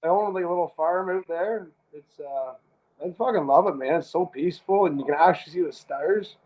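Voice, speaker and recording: A laid-back Canadian man talks over a video call, his voice a touch higher than most men's. He swears easily and trips over his restarts. The call audio is muffled and lo-fi. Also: a little fast. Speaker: guest artist. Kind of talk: casual video call interview.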